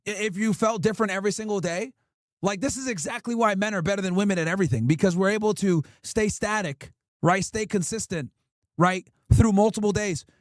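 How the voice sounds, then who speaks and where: Brief: high-pitched man, stream host, blunt profane rants, dry close sound. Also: fairly quick, dry recording. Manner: profane, blunt, emphatic ranting. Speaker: livestream host. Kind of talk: casual streaming rant reacting to clips.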